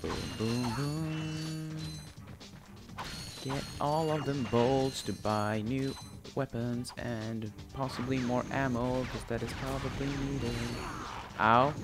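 Slow-talking young gaming host. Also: male voice, mid-range voice, fairly even intonation, loud music behind the voice. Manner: rambling, joking, swears freely. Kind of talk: casual let's-play commentary.

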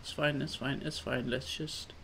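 A man doing casual let's play commentary, coaxing his character along with repeated calm-down phrases. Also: medium pitch, moderate pace, vocal fry, slight background noise. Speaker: gamer.

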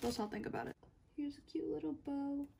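Excitable young woman unboxing, gushing. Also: high voice, a little fast, vocal fry, slight background noise. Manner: excitable, gushing, drops to whispers. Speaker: YouTuber. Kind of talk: unboxing vlog.

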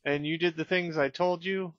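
A man's voice: a little high, fairly even intonation, normal speed, a bit bright, no echo, highs cut off, pitched above the performer's own voice, lightly acted. A man voicing a sleepy, condescending female spirit bear from a game, with a raised, drowsy delivery.

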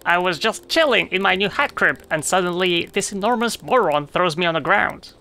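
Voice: animated, moderate pace, sharp tone. A game commentator voicing a cocky, short-tempered little spider that talks in slang and is always itching for a fight. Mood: grumpy. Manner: picks fights, street slang, high squeaky voice.

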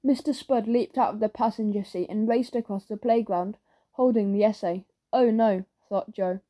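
Mellow woman reading a children's story. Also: medium pitch, moderate pace. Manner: lively storytelling with character voices. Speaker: audiobook narrator. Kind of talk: children's audiobook narration.

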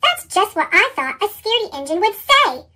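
James, a teasing boastful engine, voiced by a woman, chipmunk-squeaky. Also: sing-song, normal speed, sharp tone, exaggerated voice. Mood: mocking. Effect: chipmunk pitch-shifted voice.

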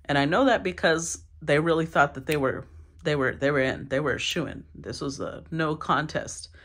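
A woman's voice: low-pitched, moderate pace. Woman musing through a tarot reading. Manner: thinking aloud, breaks off with sighs and throat clearing. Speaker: tarot reader.

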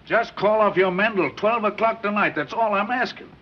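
A man's voice: high-pitched, normal speed, natural voice. A man playing a cocky gangster who bargains with police in pushy street slang, on a dull 1930s film soundtrack with hiss.

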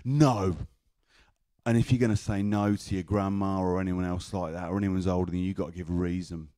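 Low-voiced English spoken word poet. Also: male voice, level tone, fast, dark tone, no room sound, studio quality. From England. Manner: rhythmic, chanted delivery of rhymed lines. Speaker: performance poet. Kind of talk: spoken word poetry and storytelling at an open mic.

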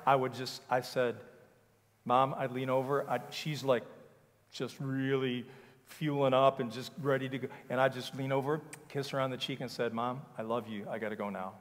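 Male pastor, slightly raised pitch, casual animated sermon delivery, long church-hall reverb. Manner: conversational, animated storytelling with acted dialogue. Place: church sanctuary.

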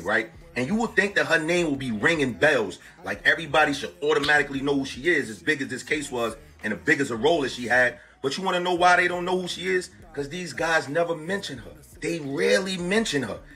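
A man's voice: a little high, sharp tone. A man giving political commentary, lecturing and quizzing his audience.

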